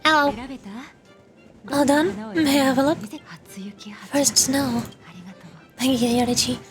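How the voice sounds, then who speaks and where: High-voiced woman streamer reading game lines. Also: steady tone, normal speed. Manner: reads all characters' lines with casual asides. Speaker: vtuber streamer. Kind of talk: reading game dialogue aloud while playing. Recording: game music behind the voice.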